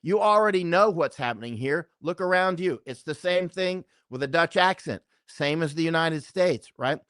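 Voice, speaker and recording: A middle-aged man, a guest in a conversational interview, rambles emphatically and keeps tossing in "right?". His fairly high voice is animated, fairly bright, clear and resonant, at a moderate pace. The studio sound is clean, with no room sound.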